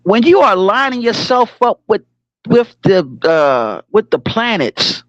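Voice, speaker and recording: A man's voice: high-pitched, a little slow, no echo, lo-fi sound. A man hosting a casual livestream, talking in slangy, rambling bursts, swearing freely and breaking off to laugh and regroup. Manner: animated, laughing, keeps stopping himself to regroup. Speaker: livestream host.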